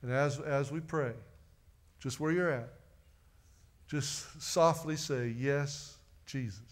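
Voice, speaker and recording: A man's voice: a little high, steady tone, takes it slowly. A middle-aged man preaching a sermon in a church, earnest and repeating phrases for emphasis. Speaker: pastor. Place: church sanctuary.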